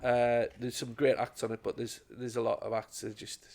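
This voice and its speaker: A man's voice: mid-range voice, level tone, moderate pace, creaky, darkish tone. A middle-aged man, a stand-up comedian telling rambling anecdotes in casual chat, with plenty of restarts. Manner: rambling anecdotes, acts out quoted voices, lots of restarts.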